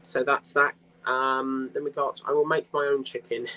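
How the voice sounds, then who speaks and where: A man talks loosely while he hosts a live craft stream and drifts from one aside to the next. His voice is bright and forceful, pitched in the middle for a man. He reads viewer comments aloud in an easy, casual way. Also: level tone, moderate pace, low-quality recording.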